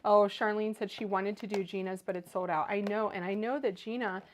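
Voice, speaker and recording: An enthusiastic woman chats casually through a live craft stream, reading out viewer comments as she goes. Her voice sits at a middle pitch and comes through a close microphone. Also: fairly even intonation, a little fast, slight background noise. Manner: chatty and enthusiastic, reads viewer comments aloud. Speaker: crafting livestream host. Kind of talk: casual livestream chat.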